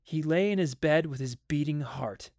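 A man narrates a story in a measured voice and slows down for the ominous moments. His voice sits a little high, and the recording is close and dry. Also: vocal fry, darkish tone, no echo. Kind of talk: dramatic audiobook reading.

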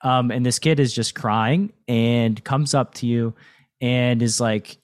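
A man's voice: medium pitch, a little slow, clear, resonant tone. A man hosting a podcast interview in a reflective, coaching tone, often checking in with "right?". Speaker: podcast host. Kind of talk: casual interview chat.

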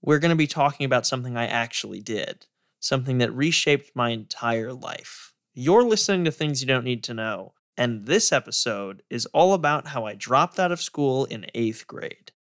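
A young man hosting a podcast, narrating in an animated, opinionated way. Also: medium pitch, normal speed, dry recording, clean studio sound. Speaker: podcast host.

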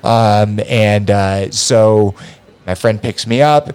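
A man telling a wild story in a casual, loose chat, swearing freely and getting animated. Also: on the low side, slow, clear, resonant tone.

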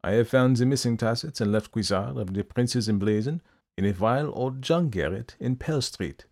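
A man reading aloud and voicing an earnest, persistent older man with gentle concern. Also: mid-range voice, moderate pace, voice pushed up, lightly acted.

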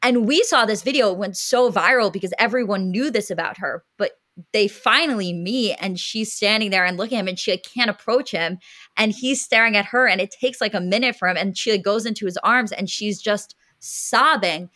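A young woman with a bright, forceful voice chats casually on a podcast. She tells her story emotionally and rambles, full of filler words, at a middle pitch. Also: brisk. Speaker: podcast co-host. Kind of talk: casual chat.

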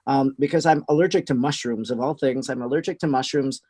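A man with a Wisconsin accent, a guest answering in a steady, explanatory way. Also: medium pitch, a little fast. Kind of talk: casual interview answers.

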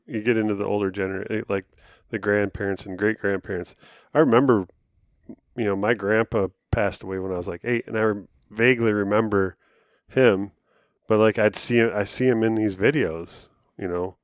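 A man co-hosting a podcast, chatting in a relaxed and rambling way. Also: lowish voice, a little fast, no room sound, studio quality. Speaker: podcast co-host. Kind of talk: casual chat.

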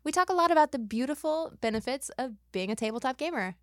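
A woman hosting a podcast in casual chat, chatty and quick to laugh. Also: sits high, lively intonation, no echo, clean studio sound. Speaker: podcast host.

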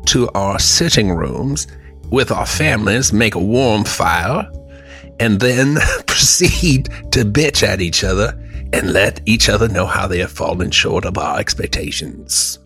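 A man co-hosting a comedy podcast, chatting casually with profane jokes and quick asides. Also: on the low side, expressive, a bit bright, soft background music. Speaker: podcast co-host.

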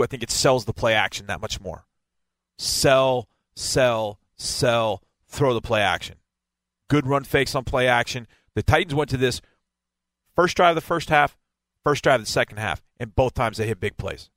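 A man's voice: mid-range voice, fairly bright tone, dry recording. A man doing a football game preview. He talks emphatically and repeats his key points for stress. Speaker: football analyst.

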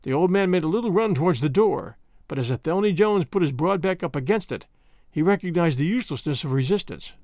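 A man narrating a story aloud as an audiobook reader, in an even, measured way. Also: on the high side, no echo, clean studio sound.

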